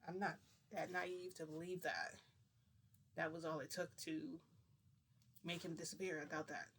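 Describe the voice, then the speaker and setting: A man's voice: a little high, level tone, measured pace, a bit bright, a little hiss or hum. A man casually retelling a personal story to the camera, rambling and acting out dialogue with "I'm like" and "he goes". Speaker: vlogger.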